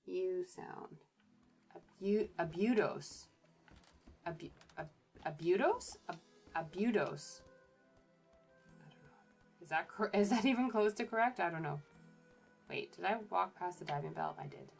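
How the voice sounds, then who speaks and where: A woman's voice: fairly low pitch, normal speed, gravelly, soft background music. A woman archaeologist giving casual commentary while streaming a game, chatty and hesitant, often correcting herself.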